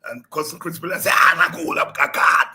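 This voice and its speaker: A man hosting a political talk show, telling animated stories and breaking into song. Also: a little high, brisk. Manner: animated storytelling, breaks into singing and shouting. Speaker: show host.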